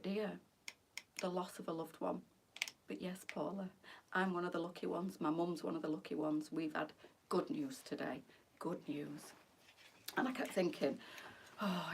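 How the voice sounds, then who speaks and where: A woman's voice: fairly low pitch, distant mic, slight background noise. Tearful woman on a live stream. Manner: emotional, tearful, chatty, addresses viewers as girls. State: close to tears. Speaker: live-selling boutique host. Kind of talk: live shopping stream chat.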